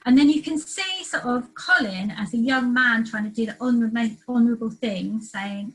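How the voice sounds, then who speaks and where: A woman's voice: fairly high pitch, moderate pace, hardly any pauses, fairly bright tone, poor audio. A woman giving an academic lecture, hesitant and full of ums and uhs. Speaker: guest lecturer.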